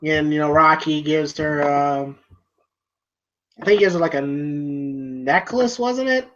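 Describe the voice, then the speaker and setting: High-voiced man rambling through a movie recap. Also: slow pace, fairly bright tone. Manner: rambling, full of "you know" and "like" fillers. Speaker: movie reviewer. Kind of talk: casual film recap. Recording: dull lo-fi home recording.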